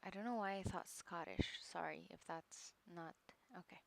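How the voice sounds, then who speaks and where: A woman hosting a livestream course, reacting with soft murmurs and excited exclamations between her own casual remarks. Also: lowish voice, normal speed, vocal fry. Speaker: livestream host.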